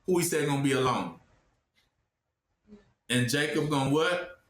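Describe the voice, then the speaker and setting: A man preaching informally, often pausing with "what?" for listeners to finish his sentences. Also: a little high, a bit bright, roomy sound. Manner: asks the audience to fill in the word with "what?".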